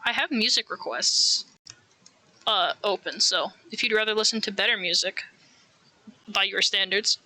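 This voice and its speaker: A woman's voice: medium pitch, normal speed, pauses often, bright, forceful tone. An American woman streaming live while knitting, chatting casually in rambling, self-mocking asides.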